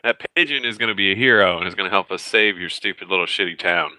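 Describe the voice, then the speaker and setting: Sarcastic man player, low, piercing bright, gravelly. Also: fast talker, no echo. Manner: sarcastic, brash, swearing. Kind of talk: casual tabletop play.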